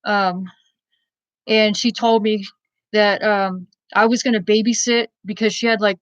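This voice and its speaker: A woman's voice: medium pitch, dry recording. A woman in her forties telling a personal story in a candid, rambling way, full of fillers and restarts. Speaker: vlogger. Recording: dull lo-fi sound, dry.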